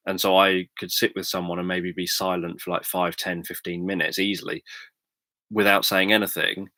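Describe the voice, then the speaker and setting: A British man chatting calmly on a livestream, explaining things in a measured, thoughtful way with frequent pauses and ums. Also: sits low, dry recording. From Britain. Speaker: livestream host, sleep story narrator. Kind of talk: casual livestream chat.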